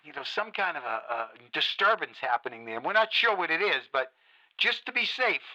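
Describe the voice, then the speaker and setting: A man's voice: on the high side, very animated, normal speed, pushed and bright, exaggerated voice. An actor playing a male radio talk show host who speaks in a soothing, reassuring way with hesitant restarts. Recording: muffled radio broadcast.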